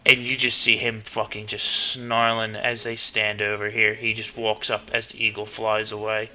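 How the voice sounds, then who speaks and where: A man's voice: lowish voice, monotone, moderate pace, pushed and bright. A man narrating as game master in a tabletop game, telling the scene in a loose, swearing way.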